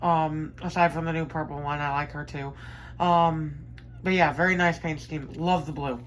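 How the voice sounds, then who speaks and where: A woman with a fairly low voice chats eagerly to her viewers from her bedroom, gushing and correcting herself as she unboxes collectibles. Her talk wanders with fillers and happy asides. A faint hiss of room noise sits under the recording. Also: steady tone, normal speed, poor audio. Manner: enthusiastic, chatty, rambling with fillers and self-corrections. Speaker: diecast collector vlogger. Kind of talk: casual unboxing chat.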